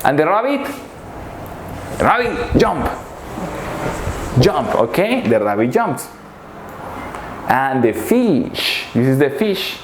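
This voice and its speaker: Slow, playful man teaching animal words. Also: on the high side, big pitch swings, reverberant, noisy background. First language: Spanish. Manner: slow, repetitive, makes playful animal noises. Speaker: English teacher. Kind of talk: children's vocabulary lesson.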